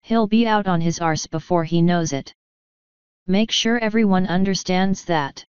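A woman reading the part of a gruff middle-aged male watch commander who talks curtly and impatiently, in an audiobook. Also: fairly low pitch, unhurried, a little mellow, dry recording, highs cut off, lightly acted. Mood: stern. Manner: curt, impatient, dry.

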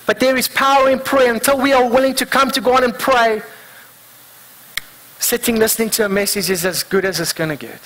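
A man preaching a sermon in a church, asking the congregation earnest rhetorical questions and reading scripture slowly and deliberately. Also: very high voice, fairly even intonation, fairly bright tone, slight background noise, low-quality recording. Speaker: pastor.

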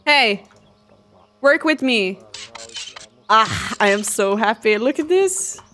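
Excitable young woman. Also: a little high, slow pace, slight background noise. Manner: chatty, excitable, talks to chat. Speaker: gaming streamer. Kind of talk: casual let's-play commentary. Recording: faint game music behind.

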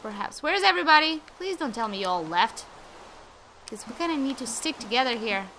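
A woman's voice: on the high side, very animated, brisk, sharp tone, slight background noise. A woman giving casual gameplay commentary, chatting to viewers and talking to the game with sudden exclamations, sounding a little under the weather. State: slightly sick. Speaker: gaming YouTuber.

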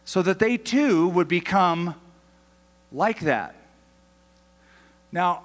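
An older man preaches from the pulpit, his voice sitting a little high for a man as it rings through a large church hall with a long reverb. He talks to the congregation in a friendly, conversational way and slows right down on the phrases he wants to land. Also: fairly bright tone. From United States. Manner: conversational, emphatic preaching with slowed key phrases. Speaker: pastor. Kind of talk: sermon.

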